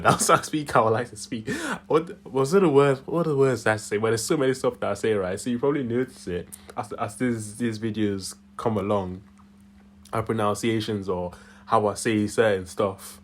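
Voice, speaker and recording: A man's voice: fairly low pitch, a little fast. A young man with a Yorkshire accent tinged with Nigerian, rambling through casual solo commentary from his room, chuckling often. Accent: Yorkshire English with a Nigerian tinge. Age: young adult. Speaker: channel host.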